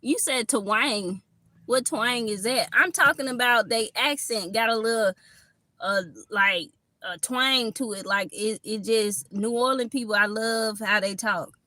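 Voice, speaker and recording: Brief: Southern woman tarot reader, Kentucky-Florida accent, slightly high voice, loose and profane, laughs a lot. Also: measured pace, sharp tone, dry recording. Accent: Southern US, Kentucky mixed with Florida. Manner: chatty, laughs often, swears freely. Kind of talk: casual tarot reading livestream.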